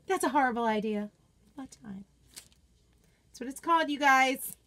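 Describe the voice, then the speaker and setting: Female host, high voice, gushing and chatty, casual live craft unboxing. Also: moderate pace, pauses often, bright, forceful tone. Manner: gushing, chatty, reads viewer comments aloud. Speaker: craft product consultant and host.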